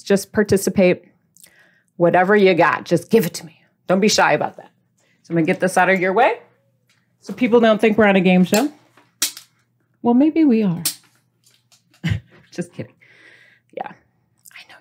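Woman, video host, playful, chatty, casual motivational talk, speaks to the viewer, mid pitch. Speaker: host of a diet video series.

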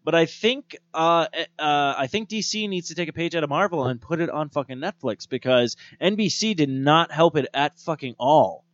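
A man rambles and swears his way through a casual podcast chat, his voice sitting a little high. The recording is dry and dull, with a lo-fi edge. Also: moderate pace, few pauses, no echo. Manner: excitable, swears freely, rambling.

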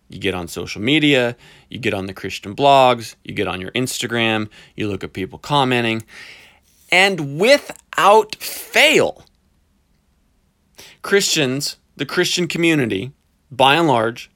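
A man delivering a sarcastic, animated ranting commentary, stretching words for emphasis and mocking with hyperbole. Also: mid-range voice, takes it slowly. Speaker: podcast commentator.

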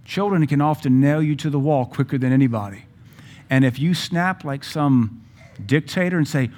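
A man preaching a sermon in a blunt, emphatic way, with sudden loud stresses, acting out the people he quotes. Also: on the high side, normal speed.

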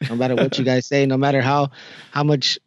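A man co-hosting a podcast with a hoarse voice he is still recovering, talking laid-back and jokey. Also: mid-range voice, level tone, a little fast, dull audio. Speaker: podcast co-host. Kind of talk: casual chat.

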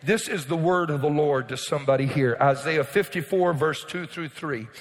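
A pastor preaching a sermon to his congregation, often shouting out his lines and then dropping to a quieter teaching voice. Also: on the high side, normal speed. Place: church sanctuary with congregation. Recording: long reverb in a church hall.

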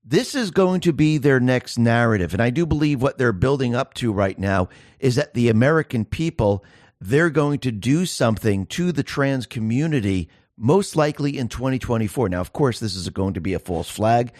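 Man, commentary host, emphatic, rhetorical questions, medium pitch, dry room. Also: expressive, moderate pace, a little mellow, dry recording. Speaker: show host. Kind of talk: political commentary monologue.

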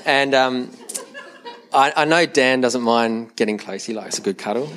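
A man's voice: medium pitch, measured pace, a crowd in the background. A man preaching a sermon in a conversational way, often repeating words as he restarts a thought, with light humor toward the congregation. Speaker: pastor. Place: church service.

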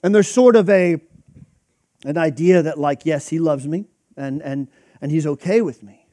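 A man's voice: a little high, normal speed, dark tone, no room sound. A man preaching a sermon in a conversational, emphatic way, acting out quoted reactions. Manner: conversational, emphatic, with frequent restarts and quoted asides.

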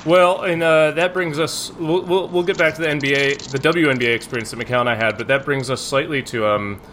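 A man's voice: a little high, a little fast, fairly bright tone, slight background noise. A man co-hosting a podcast, chatting casually in a rambling, jokey way and often breaking off mid-thought. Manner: rambling, self-interrupting, jokey. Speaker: podcast co-host. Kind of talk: casual chat.

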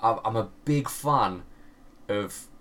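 A man's voice: fairly low pitch, takes it slowly. A man in his thirties co-hosting a podcast, telling stories in casual chat with lots of swearing and laughter. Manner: animated storyteller, heavy swearing, frequent laughter. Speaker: podcast co-host.

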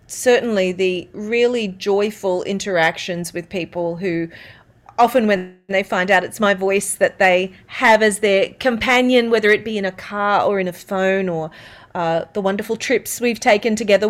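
A woman with an Australian accent, a voiceover artist, telling stories as an interview guest and acting out the quotes. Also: mid-range voice. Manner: animated, laughing, acts out quotes. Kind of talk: interview storytelling.

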